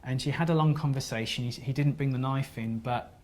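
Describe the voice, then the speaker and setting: Earnest man giving a seminar talk. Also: medium pitch. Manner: earnest, halting, with frequent restarts; gently apologetic. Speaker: seminar speaker.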